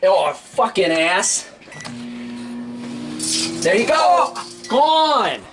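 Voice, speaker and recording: A man angrily ranting and swearing in his house while shouting at his family. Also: high-pitched, very animated, very slow. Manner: angry, swearing, shouting in a rant. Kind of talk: casual ranting. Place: inside a house. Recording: echoey, noisy home video recording.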